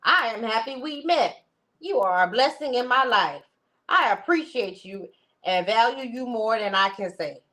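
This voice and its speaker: A woman voicing a lovesick woman gushing over her man, in an overdramatic, swooning, drawn-out way. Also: fairly high pitch, expressive, pushed and bright, pitched above the performer's own voice.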